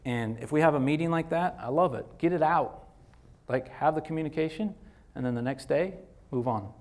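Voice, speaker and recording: A man giving a casual motivational lecture to students as a guest executive speaker, animated and slangy, full of "like" and "dude.". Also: a little high, normal speed.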